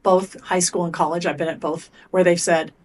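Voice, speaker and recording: Blunt, animated middle-aged woman coach. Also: fairly low pitch, moderate pace, slight background noise. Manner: animated storyteller acting out coach and athlete exchanges; blunt, swears casually. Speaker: guest, performance coach. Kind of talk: podcast interview.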